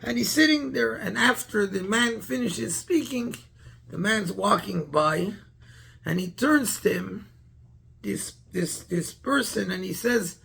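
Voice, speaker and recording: A man's voice: sits high, unhurried, vocal fry, fairly bright tone, slightly rough. A man, a rabbi, tells a story in a Torah class, stopping often to search for words and restart his sentences.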